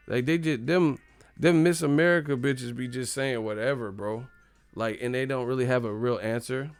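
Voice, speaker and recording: A man's voice: medium pitch, lively intonation, moderate pace, dry recording, faint music behind. A man hosting a casual live stream, ranting in a joking, profane, mocking way.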